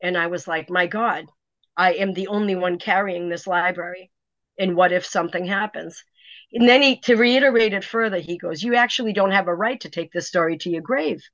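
A middle-aged woman, telling a personal story in an interview, animated and full of "you know" fillers. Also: fairly low pitch, brisk, no echo. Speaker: author guest. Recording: dry, dull lo-fi sound.

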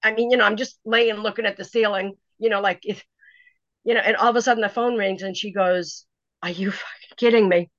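A woman, new to publishing, narrates a dramatic tale in a casual interview, talking a little fast at medium pitch. She's lively and often restarts, and the recording has no room sound, with a slightly dull, lo-fi quality.

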